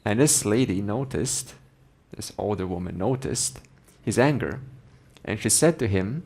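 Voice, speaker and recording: A man teaching Vedanta, telling a story in a measured, gently emphatic way. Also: lowish voice, animated, slightly rough. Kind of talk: storytelling in a spiritual lesson.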